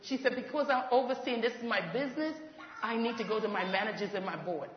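A woman in ministry telling a faith testimony, animated and laughing as she goes, acting out what others said. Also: a little high, fast, crowd noise. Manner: animated, laughs while talking, acts out quoted voices. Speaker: ministry leader. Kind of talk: testimony storytelling. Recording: echoey hall, dull lo-fi sound.

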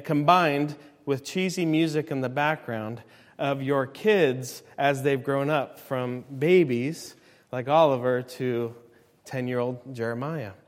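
A man in his thirties preaching a sermon as a pastor, swinging from quiet, low passages to loud, ringing climaxes. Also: big-room sound.

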